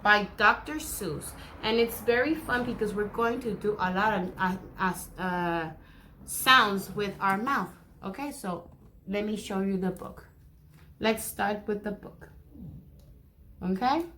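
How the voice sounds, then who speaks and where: A woman's voice: medium pitch, takes it slowly, pushed and bright, a little hiss or hum. A woman teaching a first grade class remotely, guiding a craft activity and reading a picture book aloud while imitating animal sounds. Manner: encouraging, speaks to young children, imitates animal sounds.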